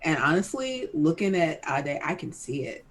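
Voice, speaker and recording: A woman player in a casual tabletop game with a notably low voice. She talks in a wry, laid-back way. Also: very animated, moderate pace.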